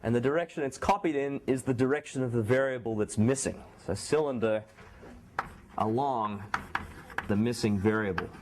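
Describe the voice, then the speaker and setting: A man's voice: medium pitch, moderate pace, a little mellow, slight background noise. Casual male lecturer with a sore voice. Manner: conversational, restarts and self-corrections. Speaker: university math lecturer. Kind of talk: classroom lecture. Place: lecture hall.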